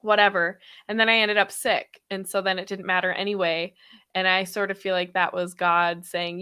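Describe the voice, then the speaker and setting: Thirtysomething woman chatting on a live stream, quick and giggly, voice bright but a bit sore from being sick. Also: mid-range voice, level tone, clear, resonant tone. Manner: fast, chatty, laughs often. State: slightly sore throat after illness. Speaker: podcast host. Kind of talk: casual live stream chat.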